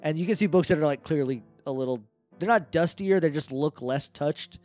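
A man's voice: a little high, brisk, darkish tone, faint music behind. A man narrating as game master of a tabletop role-playing podcast, loose and chatty with lots of fillers.

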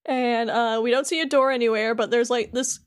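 A woman's voice: a little high, steady tone, a little fast. A woman co-hosting a podcast, chattily recapping a video game with lots of fillers. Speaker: podcast co-host.

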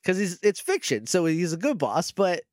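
Guy podcast cohost, kinda high voice that swings up and down a lot, rambly and giggly, over a video call. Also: sing-song, normal speed, a little mellow, no room sound. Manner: rambling, filler-heavy, laughs often. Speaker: podcast co-host. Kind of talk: casual chat. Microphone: remote video-call mic.

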